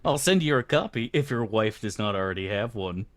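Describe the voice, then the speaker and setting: A man's voice: on the low side, lively intonation, a little fast, no room sound. Dry-miked man streaming a game. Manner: joking, crude, chatting with viewers. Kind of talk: casual gameplay commentary.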